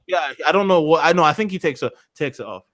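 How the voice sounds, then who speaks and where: A man's voice: a little high, expressive, fast, a bit bright, dry recording. A man co-hosting a casual stream chat, rambling and mocking, often tripping over his own restarts. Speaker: stream co-host.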